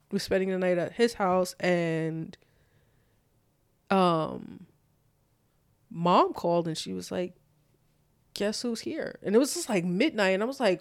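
A young adult woman telling a personal story in a casual talk, animated and full of "like", acting out both sides of the dialogue. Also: fairly low pitch, no room sound, studio quality.

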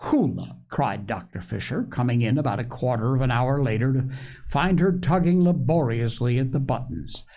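A man narrating a children's story aloud, reading slowly and expressively. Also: mid-range voice, warm tone. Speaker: audiobook narrator.

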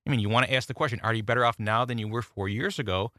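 Bright-voiced male political commentator. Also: medium pitch, racing, no room sound, studio quality. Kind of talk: political talk radio commentary.

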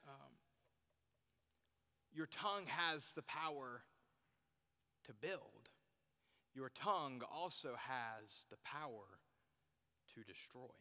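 Preaching to a youth group, a young youth pastor speaks earnestly and repeats his central phrases for emphasis. His voice is on the high side, pushed and bright, and the hall gives it a long reverb.

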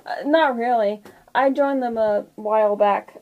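A woman's voice: fairly high pitch, measured pace, narrow, tinny audio, slight background noise. A young woman running a tabletop role-play game as game master, easygoing and giggly.

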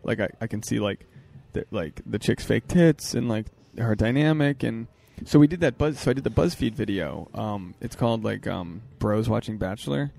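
A man hosting a podcast in casual chat, talking fast and excitably, interrupting himself and restarting, on an outdoor hotel balcony. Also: lowish voice, creaky. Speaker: podcast host.

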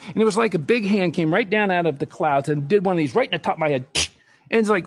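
A man's voice: sits high, quick pace, no room sound. A middle-aged man giving a faith-based parenting talk, telling family stories and quoting scripture. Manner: storytelling with scripture quotes, animated. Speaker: speaker on parenting.

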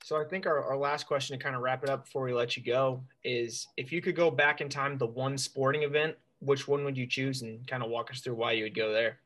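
A man's voice: medium pitch, steady tone, a little fast, few pauses, fairly bright tone. Male podcast host, easygoing, friendly interview questions. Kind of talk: casual interview chat.

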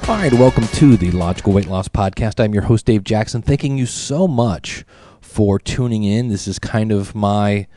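A man's voice: fairly low pitch, normal speed, dark tone, faint music behind. A man hosting a weight-loss podcast in a casual, chatty, self-deprecating way, reading listener emails aloud. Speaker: podcast host.

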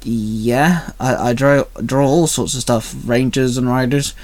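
A shy, awkward teenage girl who mutters and hesitates, as a man reads her lines. She speaks softly and haltingly, from a storybook. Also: mid-range voice, lightly acted.

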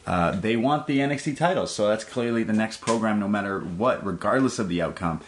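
Low-voiced man laughing through recaps. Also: a little fast, a little hiss or hum. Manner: laughs often, lively storytelling. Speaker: podcast co-host. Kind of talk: casual chat recapping wrestling.

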